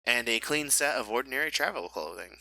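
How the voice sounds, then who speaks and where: A man narrating as game master of a tabletop game, halting and full of fillers as he describes the scene. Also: medium pitch, expressive, creaky, pushed and bright, dry recording, poor audio. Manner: halting, filler-heavy narration with self-corrections.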